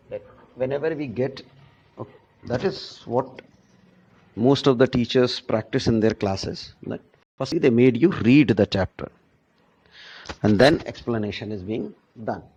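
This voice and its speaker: A man teaching a spoken English lesson, speaking deliberately and often checking in with "right?". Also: mid-range voice, darkish tone, highs cut off, slight background noise. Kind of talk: classroom lecture.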